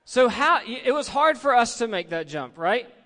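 A man's voice: extremely high pitch, big pitch swings, moderate pace, bright, forceful tone. A middle-aged male pastor preaching a conversational sermon in a church, leading his congregation in call-and-response. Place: church sanctuary. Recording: long reverb of a large hall.

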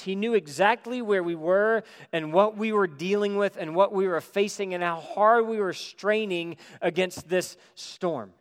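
A male pastor preaching a sermon, moving between loud emphatic passages and quiet, hushed reflection. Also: high-pitched, in a large hall.

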